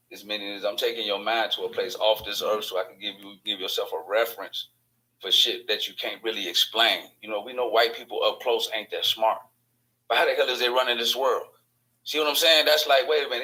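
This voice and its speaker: Hosting his own online channel, a Chicago-accented man with a mid-range, sharp-toned voice delivers a rambling, profane monologue of fast-moving, digressive stories. The recording quality is low.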